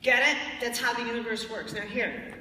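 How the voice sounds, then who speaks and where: A spiritual speaker gives a blunt, emphatic lecture to a live audience, sometimes mocking the tones of voice people use. Her voice is a little high, steady, bright, and forceful, at a moderate pace. The recording has slight background noise and sounds distant in an echoey hall.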